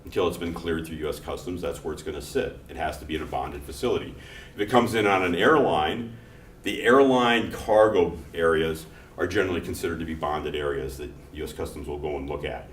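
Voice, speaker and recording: A middle-aged man teaching a class in a relaxed, conversational way, mixing personal stories into his explanations. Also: very deep voice, fairly quick. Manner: conversational, telling anecdotes between explanations. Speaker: instructor. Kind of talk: classroom lecture. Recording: echoey classroom from far off, faint noise.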